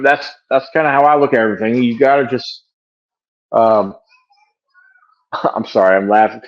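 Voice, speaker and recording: Older male guest, rambling, filler-heavy, muffled home call audio. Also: medium pitch. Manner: rambling, many fillers and restarts, chuckles. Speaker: wildlife and bigfoot researcher guest. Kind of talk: casual interview answers. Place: home room by the garage.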